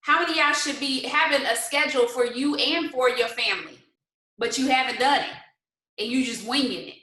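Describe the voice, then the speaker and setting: At a normal speed, a woman with a high, bright, forceful voice encourages her live-stream audience from indoors at home. The motivational host mixes faith-based encouragement with casual asides, fires rhetorical questions, and laughs frequently, though the echoey room and poor audio muddy the sound.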